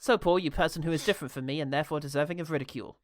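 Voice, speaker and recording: A man's voice: fairly high pitch, racing, no room sound, clean studio sound. A man co-hosting a comedic film review podcast, full of sarcastic, mocking banter. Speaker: podcast co-host.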